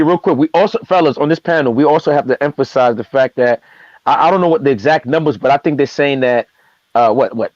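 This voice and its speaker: A man's voice: on the high side, dry recording, lo-fi sound. A man on an online panel, joking around and mocking lovesick men. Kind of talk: casual panel chat.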